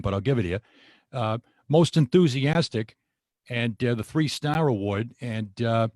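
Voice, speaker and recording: A man's voice: mid-range voice, darkish tone, dry recording, rough recording. Wry male podcast host, dry sound. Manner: wry, teasing, reads stats and awards. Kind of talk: interview questions with prepared research.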